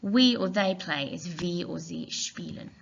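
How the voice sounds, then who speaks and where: Speaking a little slowly in a gravelly, lowish voice, a woman who teaches German explains a recorded lesson step by step. She spells out words and thinks aloud, all captured on a dull, lo-fi recording.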